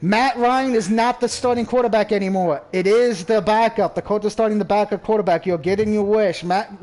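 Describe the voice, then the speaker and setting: High-voiced man hosting casual sports chat. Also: fairly quick, darkish tone. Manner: joking, laughs often, swears. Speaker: host.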